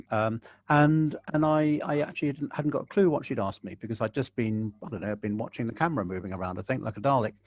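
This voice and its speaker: A man with a lowish voice speaks as a broadcaster guest on a video call, the sound close and dry with no room around it. He chats casually and turns animated, switching into a big presenter voice to show how broadcasting differs from normal talk. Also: dry recording. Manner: animated, jumps into exaggerated broadcast voice when demonstrating. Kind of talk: casual conversational interview.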